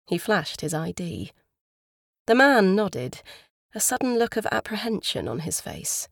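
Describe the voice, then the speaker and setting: A woman narrating an audiobook in a calm, even storytelling manner, on a close studio mic. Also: fairly low pitch, a little slow, gravelly, no echo. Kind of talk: scripted narration.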